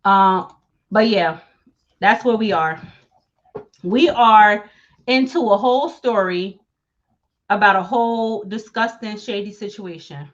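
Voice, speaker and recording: A woman hosting casual celebrity gossip commentary, animated and mocking, laughing often and talking in slang. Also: mid-range voice, slow, pauses often, highs cut off. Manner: slangy talk, repeated phrases. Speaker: commentary host.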